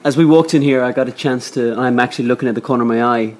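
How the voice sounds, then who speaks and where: A man hosting a podcast, asking questions and murmuring along attentively. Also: mid-range voice. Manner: attentive, quick backchannel murmurs. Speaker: podcast host. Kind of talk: interview questions.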